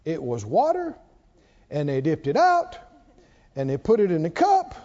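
A man preaching a sermon as pastor of a church, animated, calling out hallelujahs. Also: on the high side, a little slow. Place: church sanctuary. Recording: dull sound, long hall reverb.

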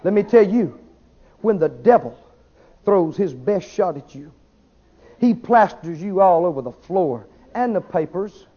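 A man preaching a sermon, swinging between shouted declarations and quiet asides. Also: sits high, animated, unhurried. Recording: dull lo-fi sermon recording.

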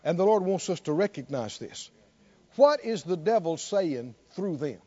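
A man preaching in a very high, lively voice, swinging between low murmurs and ringing near-shouts as he calls out to the congregation. The recording is dull and lo-fi. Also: moderate pace. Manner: call-and-response preaching, rising to near shouts. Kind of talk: sermon.

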